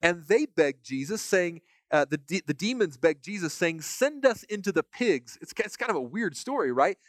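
A man teaching from the Bible in a relaxed, conversational way, reading passages aloud and stopping to comment on them, often repeating a word as he starts a phrase. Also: on the high side, normal speed, dry recording. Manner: casual, repeats words when starting phrases; reads scripture aloud between comments. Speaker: preacher.

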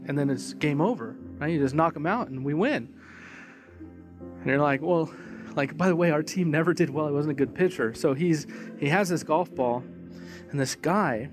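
Conversational male pastor over music. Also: a little high. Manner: conversational, animated, asks the congregation questions. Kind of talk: sermon with storytelling and altar call. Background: music playing.

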